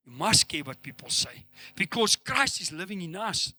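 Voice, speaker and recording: A man's voice: sits high, very animated, moderate pace, bright, forceful tone. A middle-aged man preaching a sermon as pastor, acting out the dialogue he quotes with rising emphasis. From South Africa.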